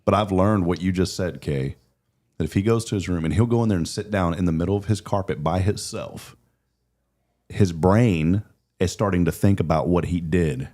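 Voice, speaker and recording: A man's voice: deep voice, moderate pace, darkish tone. Earnest man hosting a talk show. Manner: earnest, chatty, repeats words when starting sentences. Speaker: host. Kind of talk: casual talk show chat.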